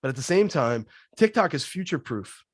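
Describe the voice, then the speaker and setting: Brief: upbeat male sales coach, slightly high voice, dry and close, quick punchy answers. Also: big pitch swings, husky, dry recording. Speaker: guest sales trainer. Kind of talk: webinar Q&A answers.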